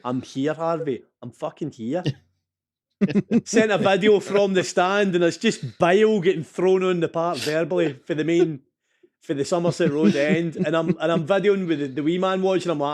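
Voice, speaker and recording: A man's voice: a little high, moderate pace, a little mellow. A Scottish man in his thirties, a podcast co-host in casual chat, telling a story with animation and swearing freely.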